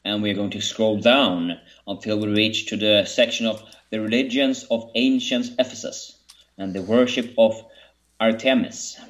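Halting man searching for his words. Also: fairly low pitch, fairly even intonation. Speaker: co-host of a Bible study show. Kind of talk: casual discussion.

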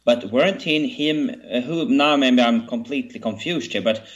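A man in a casual Bible discussion talks in stops and starts, often breaking off a word and trying again. His voice sits at a middle pitch and sounds like an ordinary speaking voice. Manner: halting, restarts words and searches for phrasing. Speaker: co-host of a Bible study show.

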